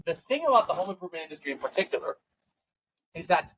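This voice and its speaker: A man, a tech company CEO, telling stories as a guest in a casual podcast interview, acting out quoted dialogue with quick, run-on phrasing. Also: a little high, sing-song, fairly bright tone, slight background noise, poor audio. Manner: fast, run-on phrasing with restarts.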